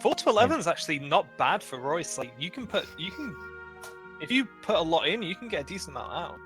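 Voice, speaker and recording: A man with a Northern English accent talks in a bright, pointed voice, explaining and bantering casually. His tone sits a bit high. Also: sing-song, quick pace, soft background music. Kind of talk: casual chat on a voice call.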